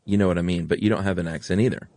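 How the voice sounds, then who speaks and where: An American man with a General American accent, co-hosting a casual podcast. He talks in a low voice and gushes, often repeating himself. The recording is dry and close. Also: steady tone, very fast, warm tone, no echo. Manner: gushing, enthusiastic, repeats himself. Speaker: podcast co-host. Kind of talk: casual chat.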